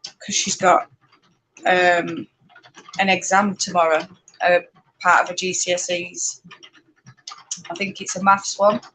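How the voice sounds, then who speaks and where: A woman with a Yorkshire accent chatting casually and rambling on a live stream, talking loudly over her spinning wheel and laughing often. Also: on the low side, little pitch movement, slow, long pauses, a little hiss or hum, poor audio. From Yorkshire, England. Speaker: spinning channel host.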